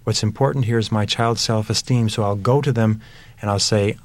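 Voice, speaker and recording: A man's voice: fairly low pitch, steady tone, brisk, dry recording. A man giving earnest, emphatic parenting advice in a motivational talk, building his points through repeated phrases. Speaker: parenting speaker.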